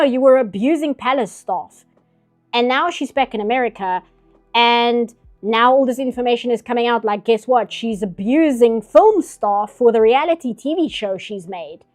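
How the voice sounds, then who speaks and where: A woman's voice: a little high, a little mellow. A woman streaming her art, ranting in casual, opinionated chat.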